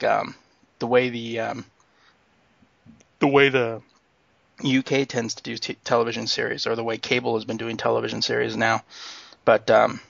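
A man with a gravelly, fry-edged voice co-hosts a podcast, reading news with plenty of "um"s and laughs. He sounds giddy. The recording is dry and somewhat muffled. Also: medium pitch, no room sound. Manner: excited, laughs often, reads news with fillers. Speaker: podcast co-host. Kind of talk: casual news chat.

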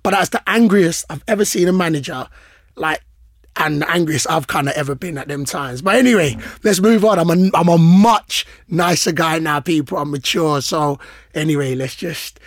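A man co-hosts a podcast. His voice sits high and he tells stories animatedly, slipping into street slang. The sound is close and dry. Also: normal speed, no room sound. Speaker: podcast co-host. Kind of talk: casual podcast chat.

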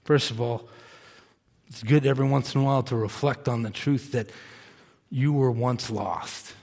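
A male pastor preaching a sermon, earnest, swinging from quiet, slow stretches to emphatic bursts. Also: medium pitch, steady tone, gravelly, in a large hall. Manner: earnest, rising to emphatic bursts then dropping soft and slow. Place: church sanctuary.

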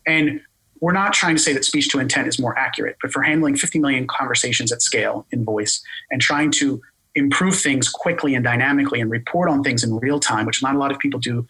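A man with a Philadelphia accent explaining a technical product in an interview, talking fast and full of jargon. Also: medium pitch, sharp tone, breathy edge, rough recording. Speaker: tech company guest explaining voice AI.

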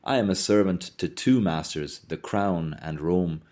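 A man's voice: sits low, a little mellow. A man as a grim, brooding young man. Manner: grim, measured.

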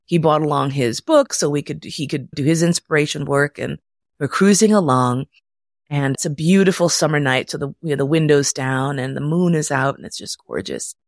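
A middle-aged woman casually telling a personal story, animated and profane, jumping into high voices when quoting. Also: moderate pace, dry recording, clean studio sound.

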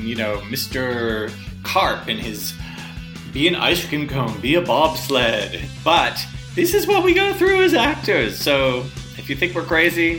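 A male host with a very animated, swooping delivery introduces the next storyteller. His manner is theatrical and anecdotal, and clear guitar music plays under his voice the whole time. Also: medium pitch. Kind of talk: hosting a storytelling show.

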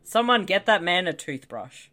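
A woman's voice: on the low side, big pitch swings, normal speed, bright, forceful tone. A woman co-hosting a podcast, joking and chatting casually about a movie. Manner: playful, teasing quips, laughs often. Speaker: podcast co-host. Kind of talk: casual movie commentary chat.

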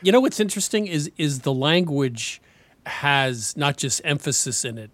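A man's voice: fairly high pitch, animated, moderate pace, fairly bright tone, dry recording. A man hosting an interview in a friendly, self-deprecating way, laughing easily. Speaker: host. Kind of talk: casual interview.

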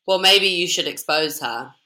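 A woman's voice: lowish voice, normal speed. A woman co-hosting a casual chat, blunt and outspoken in her stories. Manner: blunt and outspoken, lively storytelling. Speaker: podcast co-host.

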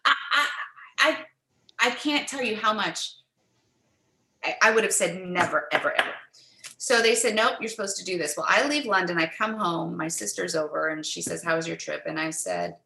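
A middle-aged woman, a guest in an interview, telling a personal faith story in an animated way and acting out the quoted dialogue. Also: on the low side, normal speed, creaky, echoey room, slight background noise, poor audio.

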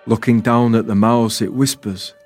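A man narrating a poetic spoken-word story in a calm, deliberate, wistful way. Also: on the low side, faint music behind. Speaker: writer and performer, narrator.

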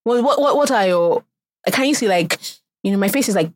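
A young Nigerian woman with a Nigerian accent co-hosting a podcast in casual chat, animated and mocking others' answers in put-on voices. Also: medium pitch, brisk, no room sound, studio quality. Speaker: podcast co-host.

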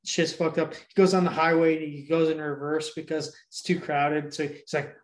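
Brief: young male podcast host, fairly high voice, loose and profane, rambles through a movie plot. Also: little pitch movement, normal speed, hardly any pauses. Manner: rambling, heavy swearing, laughs while telling. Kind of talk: casual chat, retelling a movie plot.

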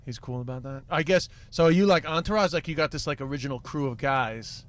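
A man's voice: mid-range voice, quick pace, no echo. A man chatting casually while driving a car, laid-back and easygoing. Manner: laid-back, says "man" and "you know" a lot.

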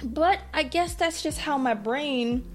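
High-voiced woman telling a personal story. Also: slow, soft background music. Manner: candid and self-deprecating, with animated quoted asides. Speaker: podcast host.

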